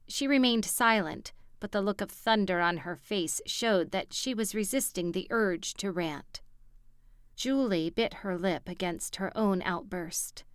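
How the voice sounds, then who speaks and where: A woman narrating a romance audiobook in a steady, even storytelling manner, on a studio mic. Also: medium pitch, clear, resonant tone, dry recording. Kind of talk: scripted narration.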